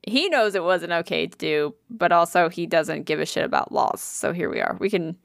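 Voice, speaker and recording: A woman co-hosting a casual chat, telling a funny story in an animated, profane way with bursts of laughter. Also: on the low side, normal speed, vocal fry, dry recording, studio quality.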